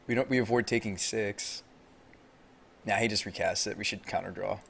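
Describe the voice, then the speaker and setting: An American man calls his own card game live, chatting loosely with his viewers. When the match turns, he gets loud and shoots up in pitch, pleading at his opponent. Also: moderate pace, gravelly, slight background noise. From United States. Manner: excitable, talks to chat and opponent, gets loud and high when tense.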